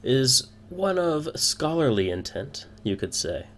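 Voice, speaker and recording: A man's voice: mid-range voice, sing-song, slow, a bit bright, slight background noise, voice pushed up. A man voicing a pompous, boisterous male thieves' guild boss in a tabletop game, speaking in a formal, grand manner. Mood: stern.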